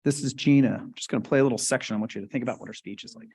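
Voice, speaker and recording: A man's voice: medium pitch, racing, a little mellow, breathy edge. A man giving a conversational lecture in a webinar, casually explaining and often checking in with "right?" and questions to the audience. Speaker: webinar presenter.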